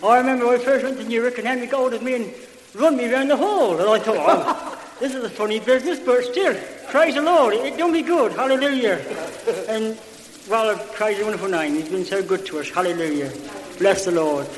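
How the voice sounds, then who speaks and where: A man's voice: very high voice, brisk. An English man giving a plain, homely church testimony punctuated by hallelujahs. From England. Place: large hall. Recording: echoey hall with faint hiss.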